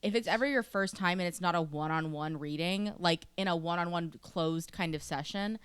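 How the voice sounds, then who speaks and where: Podcast woman, lowish smooth voice, measured explanations, dry close sound. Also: dry recording. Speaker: podcast co-host. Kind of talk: casual chat.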